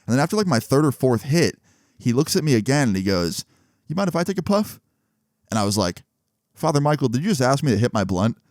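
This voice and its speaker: A man's voice: medium pitch, lively intonation, fast, darkish tone, no echo, studio quality. A young man casually telling a story in a laid-back, slangy way, chuckling now and then.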